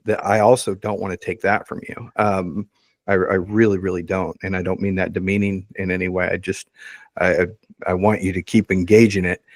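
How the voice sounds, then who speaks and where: A man co-hosting a Bible podcast, speaking in a measured, reassuring way with frequent ums. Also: low voice, no echo. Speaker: podcast co-host. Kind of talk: casual podcast discussion.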